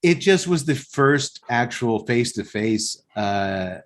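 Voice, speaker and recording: A man's voice: mid-range voice, slow. A man hosting a podcast, casually telling a story and acting out the people in it. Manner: animated, acts out voices. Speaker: podcast host.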